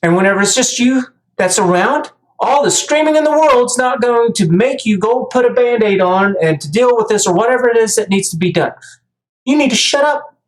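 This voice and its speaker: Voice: mid-range voice, a little fast. A heated commentator rants straight to the viewer in a monologue, tripping over and repeating words as the points pile up. The voice sits in a mid range and rings in a roomy, echoey space. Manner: heated, stammering restarts. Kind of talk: ranting monologue. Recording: echoey room.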